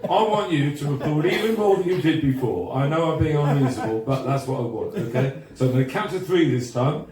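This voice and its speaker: A man's voice: a little high, expressive, fairly quick, few pauses, darkish tone. Man, mid voice, teasing host, very echoey bar, far from mic. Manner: joking, chatty, teasing the crowd. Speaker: host and author at a book launch. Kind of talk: live event introduction. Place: live bar venue. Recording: very echoey room, distant mic, faint noise.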